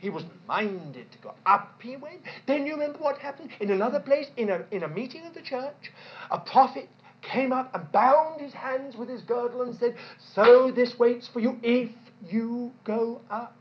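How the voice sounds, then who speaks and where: A woman preaching a sermon in an animated way, asking rhetorical questions and repeating points for emphasis. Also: sits high, normal speed. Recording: dull lo-fi recording.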